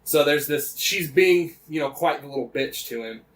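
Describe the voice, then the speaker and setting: A man's voice: on the high side, moderate pace. A man co-hosting a casual podcast, animatedly retelling events with lots of swearing and "like" fillers. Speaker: podcast co-host.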